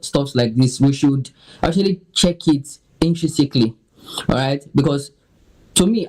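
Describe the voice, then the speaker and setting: A man's voice: mid-range voice, warm tone, rough recording. A man, an education rights activist answering on a TV interview in a wordy, emphatic way. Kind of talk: TV studio interview.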